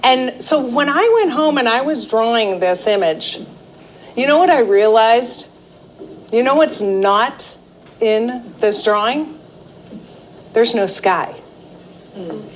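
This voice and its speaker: A middle-aged woman teaching a live art therapy class, telling a personal story in a chatty, animated way. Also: fairly high pitch, slow, long pauses, slight background noise, low-quality recording. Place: indoor class or seminar room.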